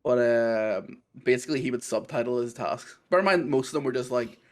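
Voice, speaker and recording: A man with a Belfast accent in casual chat, talking quickly in rambling runs and laughing often. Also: medium pitch. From Northern Ireland.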